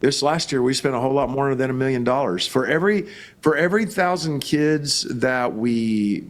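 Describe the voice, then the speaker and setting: A man's voice: medium pitch, normal speed. A middle-aged man, a pastor, telling stories in an interview and acting out the voices in them. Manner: animated, acts out quoted voices. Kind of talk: storytelling in an interview.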